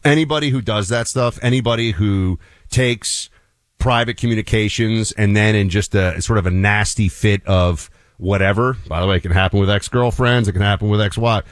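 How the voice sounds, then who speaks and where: A man in his forties talking on a radio show, his voice on the low side. He chats casually and tells stories with emphatic asides. The studio sound is close and dry. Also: moderate pace, no room sound. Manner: conversational, storytelling, emphatic asides. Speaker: radio talk show co-host. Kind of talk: casual political talk radio.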